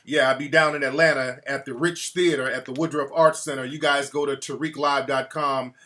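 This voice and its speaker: A man hosting a casual live-stream chat, talking in a laid-back, slangy way and giving lots of shout-outs. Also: mid-range voice, fairly even intonation, fairly quick. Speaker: livestream host.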